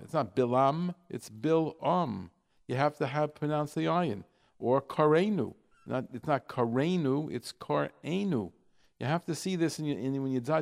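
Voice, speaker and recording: A man from New York hosting a radio talk show, explaining in a halting way full of fillers and drawing out example words slowly. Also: medium pitch, gravelly, a little mellow.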